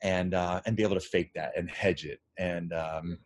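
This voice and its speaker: A male lacrosse coach in casual conversation, telling animated, rambling stories full of fillers. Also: low-pitched, moderate pace.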